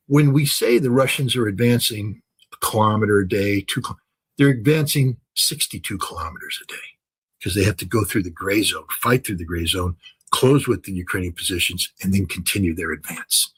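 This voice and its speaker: A man's voice: fairly low pitch, normal speed, a bit bright, husky, poor audio. An older man giving impassioned commentary, talking emphatically with many fillers, restarts and repetitions.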